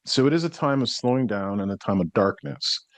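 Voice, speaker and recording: An American man hosting a solo podcast as a psychic medium, talking in a reflective, explanatory way and clearing his throat now and then. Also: medium pitch, expressive, a little fast, dry recording. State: worn out after burnout.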